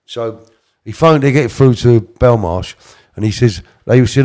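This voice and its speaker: A man's voice: medium pitch, unhurried, dark tone. A middle-aged man, rambling through a story as an interview guest and correcting himself as he goes. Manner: rambling, self-correcting, slips into quoted voices. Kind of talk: casual storytelling.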